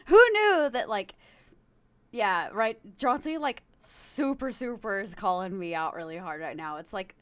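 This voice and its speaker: A woman's voice: medium pitch, measured pace, a bit bright, clean tone, no echo. Giggly chatty woman streamer. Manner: giggly, laughs often, rambling. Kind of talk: casual chat with live chat.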